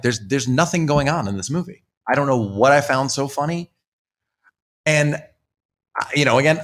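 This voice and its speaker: A man hosting a podcast, chatting casually and rambling with lots of restarts and asides. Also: medium pitch. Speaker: podcast host. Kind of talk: casual chat. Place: live stream in front of a comic shop.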